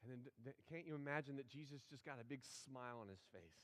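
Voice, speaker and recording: A man's voice: mid-range voice, quick pace, a bit bright. A man preaching a sermon, telling the story in a folksy way, acting out the characters and getting the congregation to join in. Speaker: pastor. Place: large church sanctuary. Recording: long hall reverb from the sanctuary.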